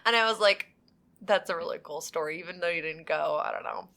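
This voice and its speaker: A woman's voice: on the low side, fairly even intonation, fairly quick, gravelly, bright, forceful tone. A young woman co-hosting a podcast, telling a family story in casual chat, acting out the people she quotes and laughing often. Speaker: podcast co-host.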